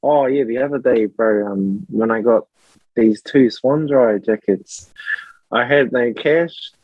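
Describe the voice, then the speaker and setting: A man's voice: mid-range voice, slow, no room sound, muffled recording. A young man with a New Zealand accent, a podcast guest telling a story in casual chat and laughing often. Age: young adult.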